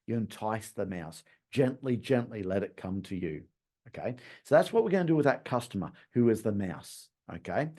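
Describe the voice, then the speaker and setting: Guy teaching car sales, bouncy voice that jumps all over, slightly high pitched. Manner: lively, acts out customers in high voices. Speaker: sales trainer. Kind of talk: training talk with acted customer quotes.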